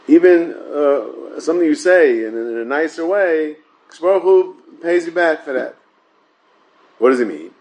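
A man's voice: on the high side, lively intonation, unhurried, darkish tone, rough recording. A man giving a Talmud study class in casual English, mixing in Hebrew and Yiddish terms, often repeating words and checking in with "yeah?" and "right?". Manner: asks rhetorical check-ins like "yeah?" and "right?". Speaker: Torah study teacher.

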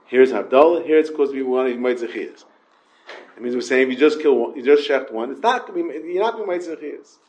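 A man's voice: medium pitch, expressive, quick pace, a little mellow, low-quality recording. A man with a Yeshiva English accent teaching an informal Talmud class, mixing Hebrew and Yiddish terms into his English and questioning his students.

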